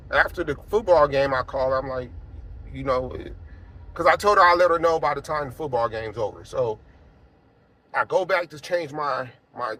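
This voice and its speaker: Man giving a casual spoken testimony. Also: medium pitch. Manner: conversational, many fillers, swings from quiet to emphatic. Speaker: apostle sharing a personal testimony.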